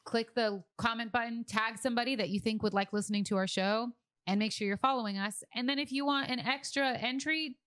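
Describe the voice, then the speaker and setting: A woman's voice: a little high, fairly even intonation, a little fast, fairly bright tone, clear, resonant tone, no echo, studio quality. Upbeat woman co-hosting a podcast. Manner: chatty, upbeat, laughs easily. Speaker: podcast co-host. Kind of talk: casual chat.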